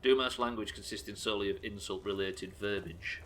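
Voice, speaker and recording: A man streaming a game live, talking excitably, swearing often and thanking viewers as he plays. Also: on the low side, a little fast, a little hiss or hum. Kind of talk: live gameplay commentary.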